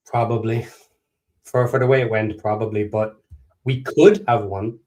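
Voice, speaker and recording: A man's voice: lowish voice, steady tone, moderate pace, a little mellow. A man co-hosting a casual fan podcast, talking football in an earnest, analytical way and repeating words as he thinks. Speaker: podcast co-host.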